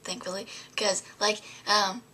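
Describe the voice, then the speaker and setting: A woman's voice: mid-range voice, flat delivery, a little slow, bright, forceful tone, slightly rough. A young adult woman vlogging, telling a story to camera in a rambling way, full of fillers and often dropping to a whisper.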